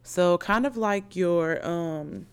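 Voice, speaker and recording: A young woman vlogging to her viewers in a loose, slang-filled, excitable storytelling style. Her voice is smooth and clean, recorded dry and close with no room around it. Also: fairly low pitch, slow, no room sound.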